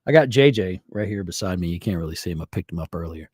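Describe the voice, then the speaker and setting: A low-pitched, slightly rough man with a darkish tone talks quickly and with lively intonation on a dry recording. Middle-aged, he hosts a live music stream from his home studio, chatting casually and rambling, often trailing off into fillers.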